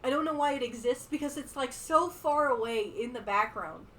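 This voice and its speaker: A woman's voice: high-pitched, fairly bright tone. A woman co-hosting a casual movie review podcast, chatty and amused. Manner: chatty, amused, quick to laugh. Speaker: podcast co-host.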